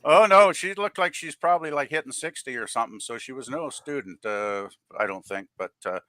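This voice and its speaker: A man chatting on a casual livestream, rambling with halting restarts. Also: mid-range voice, sharp tone.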